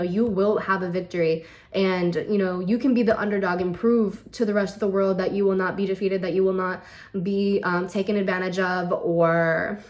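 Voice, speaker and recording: Woman, tarot reader, casual reading, direct and coaxing, mid-pitched voice. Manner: direct, coaxing, tags lines with okay and all right.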